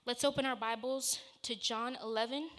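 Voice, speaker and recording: Woman preacher, bright sharp voice, chatty earnest storytelling sermon. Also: fairly high pitch, fairly even intonation, normal speed.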